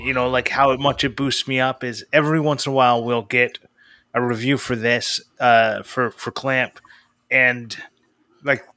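Eager guy cohosting a podcast, sharp bright voice, super dry recording. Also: mid-range voice, no echo. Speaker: podcast co-host. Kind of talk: casual chat.

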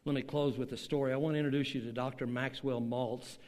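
An older male pastor delivering a sermon, his pitch sitting in an ordinary middle range. He tells stories slowly and with emphasis, pausing for effect. His voice rings with the long reverb of a large hall. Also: steady tone, a little mellow. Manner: slow, emphatic storytelling with dramatic pauses. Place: church hall with online audience.

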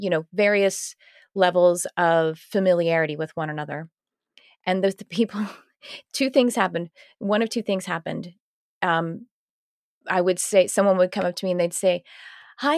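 A woman's voice: on the low side, no room sound, studio quality. A woman hosting a podcast, chatting casually and rambling, with frequent restarts. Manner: rambling, restarts, acts out quoted voices. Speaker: podcast host.

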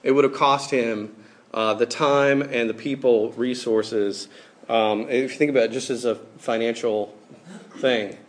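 A man's voice: medium pitch, fairly even intonation, unhurried. A young adult man giving a casual, conversational sermon to students, with many fillers.

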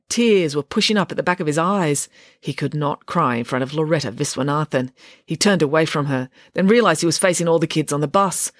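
A woman reads a children's story aloud with a lively, animated voice that rises and falls. The sound is dry and close, with no room around it. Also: low voice, dry recording. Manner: lively, expressive. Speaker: author and narrator. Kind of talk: audiobook narration.

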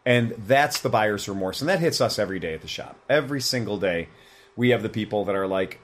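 A man's voice: medium pitch, animated, quick pace, fairly bright tone. A man who runs a motorcycle shop, chatting casually and bluntly, with some swearing. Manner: blunt, profane, opinionated. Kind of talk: casual podcast chat.

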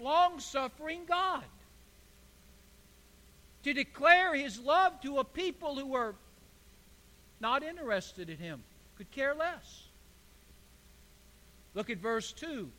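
Preacher in an echoing hall. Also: male voice, very high-pitched, pushed and bright. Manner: preaching with rising emphatic bursts. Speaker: pastor. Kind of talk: sermon. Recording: echoey hall.

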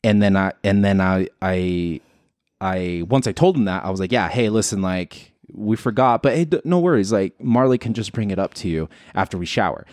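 A man's voice: on the low side, expressive, normal speed, darkish tone, no echo, clean studio sound. A young man co-hosting a podcast, telling a story in casual chat, rambling and acting out quotes. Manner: rambling, restarts, acts out quotes. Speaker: podcast co-host.

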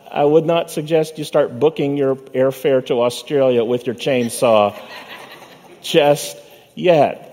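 A male pastor preaching a sermon in a church sanctuary. He uses a measured preaching cadence, slowing down and dropping low on the words he wants to land. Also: warm tone. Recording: long reverb of a church hall.

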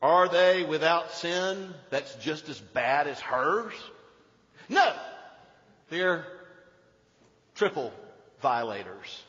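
Male pastor, animated preacher, loud to hushed, a bit high-pitched, muffled recording with long church reverb. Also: drawn-out words, long pauses. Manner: animated, swings from loud emphasis to hushed storytelling. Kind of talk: sermon. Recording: dull sound in a reverberant hall.

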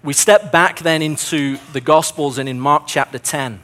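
A man's voice: fairly high pitch, moderate pace, a bit bright. A man preaching a sermon in an earnest way, building his points through repeated phrases, his voice a little strained. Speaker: pastor.

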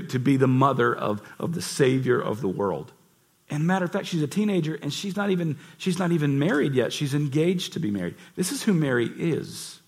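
Husky guy pastor preaching in church, gets animated, asks the crowd stuff. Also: fairly high pitch. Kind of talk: sermon.

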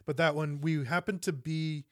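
A man co-hosting a podcast, with a fairly high voice for a man. He rambles and jokes, then slows down to lay out a point. The recording is close and dry. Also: fairly even intonation, no echo. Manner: rambling, joking, slows down to explain. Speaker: podcast co-host. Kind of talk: casual chat.

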